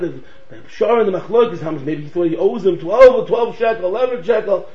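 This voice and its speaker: A man giving a Torah lecture in American English laced with Yiddish and Hebrew words, telling stories in an animated way and acting out the voices in them. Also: high voice, a little fast. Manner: animated storytelling, acts out quoted voices. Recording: echoey room, dull lo-fi sound.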